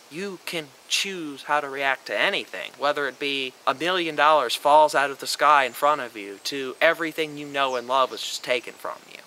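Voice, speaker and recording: A man's voice: a little high, bright, forceful tone, slight background noise, low-quality recording. A young man delivering an emphatic, lecturing monologue on a vlog, swearing freely as he argues his point. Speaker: vlogger. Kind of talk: opinionated monologue.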